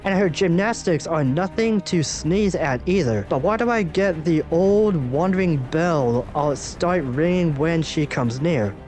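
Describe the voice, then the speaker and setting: A man reads a young wisecracking superhero talking to himself, chatty and joking. The voice sits fairly high, with faint music underneath. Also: animated, measured pace, few pauses, a little mellow. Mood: upbeat. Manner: chatty, joking inner monologue.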